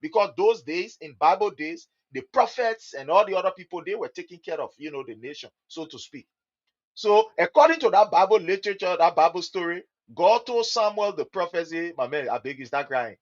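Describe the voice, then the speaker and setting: A Liberian man with a Liberian English accent, giving impassioned political commentary that swings between loud outbursts and low mutters, in the manner of a preacher. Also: animated, brisk, highs cut off.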